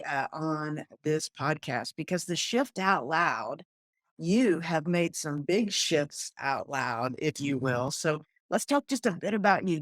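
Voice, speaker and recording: A low-pitched woman hosts an interview podcast in clean studio sound with no echo. A podcast host and coach, she's upbeat and effusive while introducing her guest and chatting casually.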